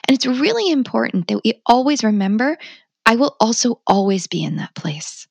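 A woman's voice: mid-range voice, no echo. A woman talking as a parenting educator in a candid interview, blunt and emphatic, swearing freely. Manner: animated and passionate. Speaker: parenting educator, podcast guest.

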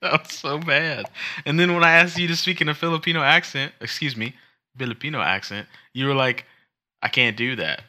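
A man's voice: a little high, brisk, pushed and bright. A man co-hosting a podcast, chatting casually and teasing his co-host. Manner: joking, teasing. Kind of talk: casual chat.

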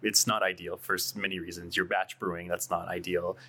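A man with a deep, low voice talks through his views as a podcast guest. He speaks casually and reflectively, sometimes repeating himself as he finds his words. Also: little pitch movement, fairly quick, pushed and bright. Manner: thoughtful, repeats words when starting a thought. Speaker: coffee shop co-owner, guest.

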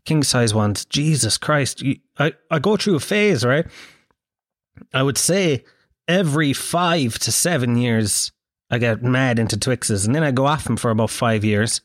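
An Irish man telling a comic, rambling monologue, animated and swearing freely as he asks the listener questions. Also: mid-range voice, a little slow, no room sound, studio quality. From Ireland. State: occasional cough.

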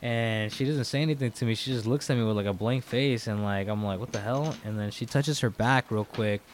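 A man's voice: mid-range voice, brisk, slight background noise. A young man, a podcast guest, telling a story in casual talk, swearing a lot and acting out what people said. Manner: animated, heavy swearing, acts out quoted dialogue.

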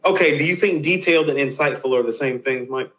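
A man's voice: mid-range voice, fast talker, fairly bright tone, muffled recording, a little hiss or hum. A man co-hosting a casual debate on a live stream, emphatic and insistent as he argues his point.

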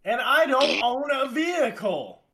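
A young man telling a story in a casual, animated and exasperated way, swearing often. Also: very high voice, a little slow, a crowd in the background. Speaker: podcast co-host telling a story.

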